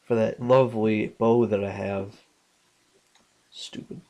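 Young guy doing a lets play, talks slow, mumbles then yells and curses at the game. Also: lowish voice, flat delivery, vocal fry. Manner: slow, muttering, swears often, bursts out loud at the game. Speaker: gaming channel host. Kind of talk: casual let's play commentary.

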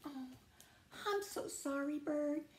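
A woman's voice: sits high, slow, pitched above the performer's own voice. A woman voicing an eager young male rabbit who loves carrots, in a storybook reading. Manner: bright, excited, fussy. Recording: echoey room.

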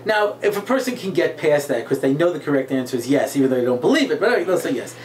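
A man's voice: rapid-fire, a little hiss or hum. A middle-aged man tells stories and jokes in an interview. His voice leaps up and down as he acts out the people in his tales. He speaks as a rabbi and a guest speaker. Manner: animated joke-telling, acts out characters with jumps in pitch. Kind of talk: storytelling interview chat.

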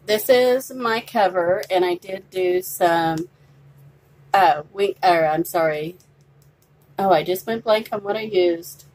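A woman's voice: on the low side, takes it slowly, darkish tone, low-quality recording. A woman presenting a handmade paper journal in a casual show-and-tell, chatty and gushing, with some fillers. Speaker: craft vlogger.

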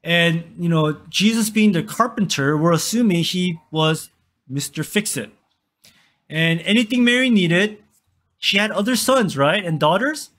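High-voiced man preaching a sermon. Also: animated, measured pace, a bit bright. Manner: conversational, asks the congregation questions and answers them. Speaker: pastor.

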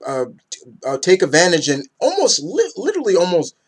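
A young man in a casual, rambling comic book review who gets excited and acts out characters' lines. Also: high-pitched, brisk, slightly rough.

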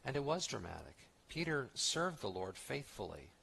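A pastor preaching from the pulpit with a slightly husky, breathy voice at a middle pitch. He talks in a conversational way, leaning hard on key words and circling back with asides and restarts. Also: big pitch swings, moderate pace, pushed and bright. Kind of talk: expository sermon.

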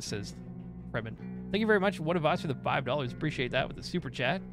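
A man's voice: mid-range voice, fast talker, over music. A man streaming gameplay, talking loosely and profanely with jokes. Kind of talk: casual live gameplay commentary.

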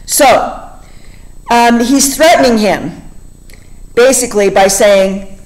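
A woman's voice: fairly high pitch, slow pace, pauses often, darkish tone, poor audio. A woman talking through a novel in a casual way, reading passages aloud and explaining them with many fillers. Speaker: literature discussion host. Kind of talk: casual book discussion with read-aloud passages.

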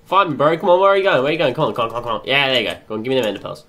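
A young man doing excitable let's play commentary, chattering to himself and swearing often. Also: medium pitch, rapid-fire. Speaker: gaming channel host.

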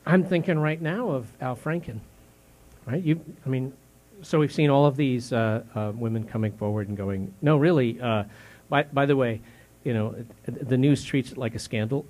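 A man playing a pastor in his fifties delivers a sermon in a mid-pitched voice that sounds more like conversation than oratory. He circles his point with repeated questions, false starts and fillers. He turns hushed and slow on painful words, then climbs in pitch and force when he is indignant. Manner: drops soft and slow on grave words, rises sharply when indignant.

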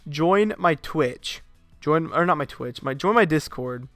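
A young man streaming a game live, giving excitable commentary full of profane trash talk. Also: fairly high pitch, measured pace, dry recording, faint music behind.

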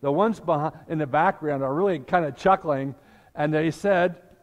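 A man's voice: a little high, moderate pace. An older man preaching a sermon as pastor, telling the scripture story and acting out the voices in it. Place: church sanctuary. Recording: long church reverb.

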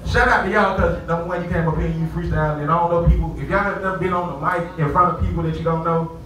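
A man from Columbus, Georgia, with a Southern accent, doing a loud, profane live stand-up set and voicing the people in his stories. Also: a little high, steady tone, racing, crowd noise. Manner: loud, profane storytelling with voiced characters. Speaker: stand-up comedian. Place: nightclub stage. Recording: echoey club from far off.

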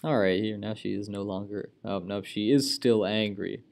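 A man's voice: lowish voice, steady tone, normal speed, vocal fry, darkish tone. A man giving casual let's-play commentary as he plays, chatty and full of sudden exclamations. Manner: exclaims often, chatty running reactions. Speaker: gaming channel host.

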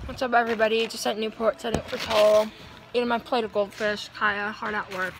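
A woman's voice: a little high, flat delivery, brisk. Playful young woman, noisy surroundings. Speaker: vlogger's friend. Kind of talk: casual vlog chat.

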